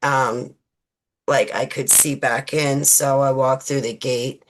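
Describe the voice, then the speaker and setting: A woman in her forties, a guest in an interview, recounting personal memories in a halting way with many fillers and restarts. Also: very deep voice, little pitch movement.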